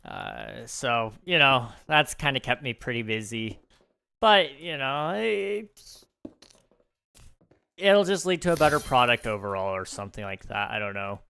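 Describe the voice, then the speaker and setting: Young male game streamer, easygoing chatter, bright clear voice. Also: medium pitch, a little slow. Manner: chatty, relaxed, thinks aloud with fillers and small laughs. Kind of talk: casual live-stream chat while gaming.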